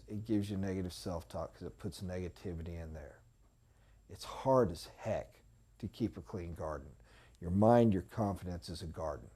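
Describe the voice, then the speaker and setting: A man delivers a motivational sales training talk, emphatic and slightly rough-voiced. He repeats short, punchy phrases, swinging between quiet, low passages and loud, high ones.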